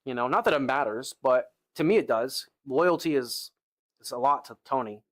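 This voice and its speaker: A man's voice: medium pitch, moderate pace. A young man live-streaming from the gym, chatting casually with his viewers between lifts, saying "bro" and "like" a lot. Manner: laid-back, talks to chat with lots of "bro" and "like". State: tired arms after lifting, sighing between sets.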